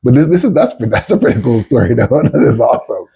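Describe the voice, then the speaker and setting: A man's voice: medium pitch, very animated, quick pace, creaky, warm tone, slightly rough. A middle-aged man hosting a casual interview, eagerly cutting in with questions and repeating his words. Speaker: podcast host.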